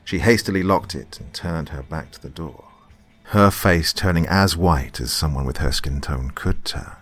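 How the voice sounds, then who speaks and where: A man reading a scripted horror story in a slow, hushed, dramatic manner. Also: rumbling low. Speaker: narrator.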